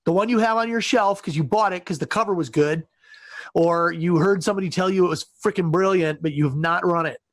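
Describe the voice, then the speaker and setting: An upbeat man hosts a casual chat about tabletop games, throwing questions to his co-hosts. His voice sits a little high, and the sound is dry and close. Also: a little fast, dry recording. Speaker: podcast host.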